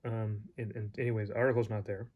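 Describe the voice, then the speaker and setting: Guy with a low flat voice teaching, rambly, lots of ums and restarts. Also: fast. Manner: rambling, hesitant, many fillers and restarts. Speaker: Greek teacher. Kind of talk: casual spoken lesson.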